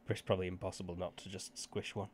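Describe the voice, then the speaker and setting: A man narrating as game master of a tabletop game, measured and unhurried with small fillers. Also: low-pitched, level tone, slightly rough.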